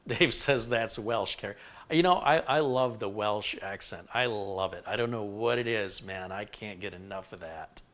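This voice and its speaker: A man's voice: fairly low pitch, normal speed, fairly bright tone. Chatty man hosting a live stream. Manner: rambling and chatty, often laughing and reading viewer comments aloud. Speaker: PC building livestream host. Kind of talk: casual live-stream chat.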